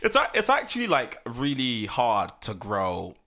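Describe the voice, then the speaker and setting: A man hosting a podcast in casual chat, lively and talkative, jumping between loud excitement and quiet asides. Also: medium pitch, unhurried. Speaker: podcast host.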